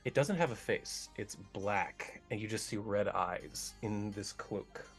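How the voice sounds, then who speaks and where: A man's voice: fairly low pitch, measured pace, soft background music. A man narrating as game master for a tabletop game, rambling with many restarts. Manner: rambling, filler-heavy narration.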